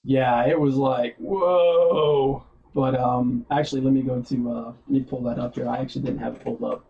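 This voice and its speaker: A man's voice: medium pitch, little pitch movement, quick pace, creaky. Rambling man on a lo-fi stream. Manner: rambling, filler-heavy, laughs often. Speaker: podcast host. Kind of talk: casual streamed chat.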